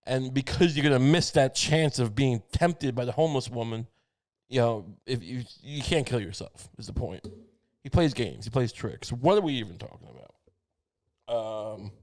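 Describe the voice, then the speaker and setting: A man's voice: medium pitch, lively intonation, normal speed, darkish tone. A man hosting his own comedy podcast, ranting alone in a profane, rambling way with frequent restarts. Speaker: podcast host. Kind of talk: solo comedic podcast rant.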